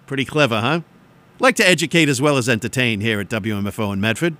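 A man's voice: medium pitch, fast, background noise. A man DJing on radio, rambling and joking between songs from a studio mic. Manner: joking, rambling, self-mocking.

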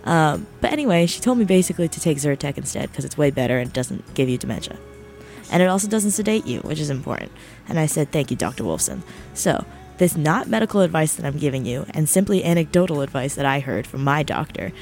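Young woman radio host, low pitch, gravelly fry, chatty and rambling, faint music behind. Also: lively intonation, fast. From New Jersey. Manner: chatty, rambling, self-deprecating. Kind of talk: casual storytelling chat. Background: soft background music.

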